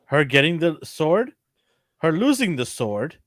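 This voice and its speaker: An older man hosting a casual pop culture chat, animated and laughing often. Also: fairly high pitch, unhurried, no echo, studio quality. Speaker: podcast host.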